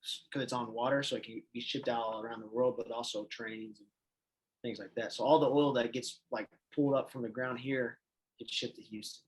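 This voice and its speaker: A man who is an assistant coach, a guest on a podcast, talking in a relaxed, rambling, self-deprecating way. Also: mid-range voice, fairly quick, slightly rough, rough recording. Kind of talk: casual chat.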